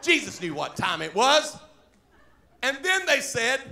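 A middle-aged man, a pastor telling a story from the pulpit in a folksy, animated way, laughing often and shouting at times. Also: very high voice, unhurried, vocal fry, roomy sound. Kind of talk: storytelling sermon. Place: church sanctuary.

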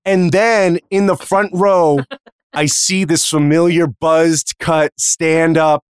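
A man tells a rambling comic story on a podcast, cursing freely and jumping up in pitch as the tale peaks. His voice is smooth and clear, a little high for a man. The sound is dry and close to the mic. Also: no room sound. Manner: animated, profane storyteller with quick voice shifts. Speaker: podcast host. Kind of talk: casual storytelling chat.

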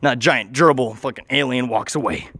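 A man improvising an absurd story in a rambling, excitable way, swearing and acting out the scenes. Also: mid-range voice, fairly quick, husky, no room sound.

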